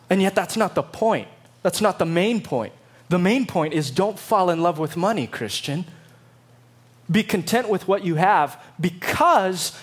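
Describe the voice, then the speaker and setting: A man preaching a sermon, emphatic and dramatic, acting out quotes in lively voices. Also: fairly high pitch. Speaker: pastor.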